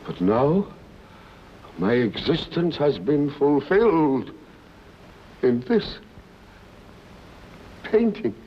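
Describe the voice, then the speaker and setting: An actor playing a dissipated man who speaks a grand stage speech, slow and broken by coughs. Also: fairly high pitch, very animated, slight background noise, heavily acted. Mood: grandiloquent. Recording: dull lo-fi 1940s film soundtrack.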